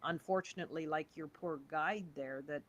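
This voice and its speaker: A woman hosts an interview and answers her guest's story with short reactions. She speaks in halting phrases with false starts. Her low voice sounds close and dry. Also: no room sound, muffled recording. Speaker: host.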